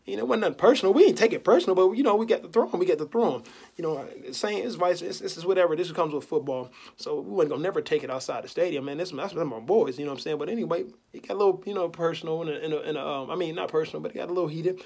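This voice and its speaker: A man's voice: fairly high pitch, rapid-fire, gravelly, hardly any pauses, a little mellow, slightly rough. A young man vlogging a mock post-game press conference, boasting and trash-talking in laid-back slang.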